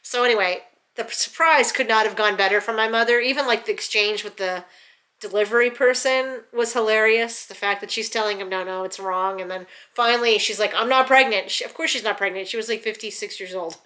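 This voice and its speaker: A middle-aged woman from the New York area telling a family story at home in a chatty, animated way, full of fillers and restarts. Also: a little high, fairly quick. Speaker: vlogger. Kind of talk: casual storytelling.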